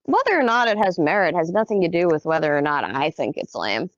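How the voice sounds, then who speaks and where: A woman's voice: lowish voice, very animated, fairly quick, no room sound. A woman in a tabletop role-play, speaking in a dry, dismissive, unbothered way. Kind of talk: in-character role-play chat. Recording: dull, dry recording.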